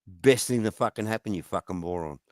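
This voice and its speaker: A man's voice: deep voice, a little fast, a little mellow, no room sound. A man in a profane, taunting rant, firing goading questions at someone. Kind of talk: angry rant.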